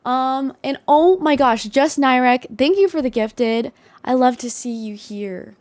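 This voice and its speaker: A young woman streams casually from her desktop setup, bubbly, hyped, and high-energy. Her voice is darkish and a little slow, with no echo.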